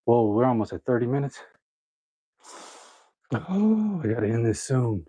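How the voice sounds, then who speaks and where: A man's voice: medium pitch, normal speed, pauses often, dark tone, no echo, muffled recording. A man chatting casually to viewers while he works out at home, joking, laughing often and counting his reps aloud. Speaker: fitness vlogger. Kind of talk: casual chat during a workout.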